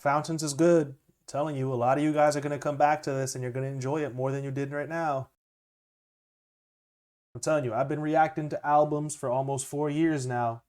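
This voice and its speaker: A young man, a music producer, chatting casually and excitedly as he reacts to an album, laughing often. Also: on the high side, brisk. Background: music playing faintly.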